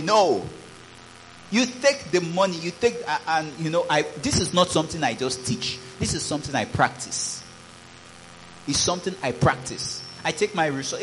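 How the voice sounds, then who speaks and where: A man's voice: on the high side, animated, moderate pace, slight background noise, poor audio. A man preaching a sermon as pastor, reading scripture aloud and calling out praises. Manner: preaching with rising exclamations, reads scripture aloud.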